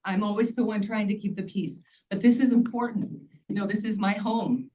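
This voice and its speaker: A woman's voice: medium pitch, fairly even intonation, moderate pace, warm tone. A woman in her sixties giving earnest, pleading public testimony at a county hearing. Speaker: public commenter. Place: county meeting room. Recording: distant mic, faint background noise.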